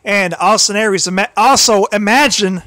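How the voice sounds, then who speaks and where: Male livestream host, high-pitched, throat worn and tired, stumbles and repeats himself; dry, close recording. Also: bright, forceful tone, no room sound. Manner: halting, many restarts and repeated phrases. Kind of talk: casual solo livestream commentary.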